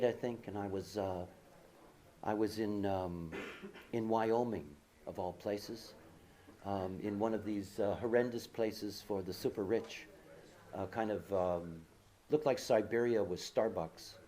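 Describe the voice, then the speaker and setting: A man's voice: lowish voice, a little slow, mellow. A man giving an informal lecture with personal stories. He rambles, uses many fillers and asides, and repeats key words for emphasis. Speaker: speaker giving a talk.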